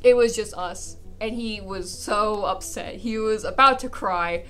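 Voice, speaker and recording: A young woman vlogger telling a funny personal story in a casual, animated way, acting out the people she quotes and laughing often. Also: mid-range voice, a little slow.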